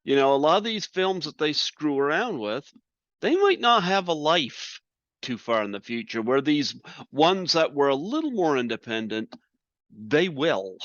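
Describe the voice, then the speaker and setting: A man hosting a podcast, chatting casually with a guest in a halting way. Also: fairly high pitch, sing-song, a bit bright, no echo, dull audio. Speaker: podcast host. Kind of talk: casual interview chat.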